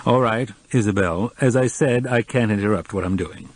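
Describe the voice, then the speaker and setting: A man as a patient, formal gentleman. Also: on the low side, moderate pace, natural voice. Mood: restrained. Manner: formal, restrained. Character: patient, reserved middle-aged man, cool then kind.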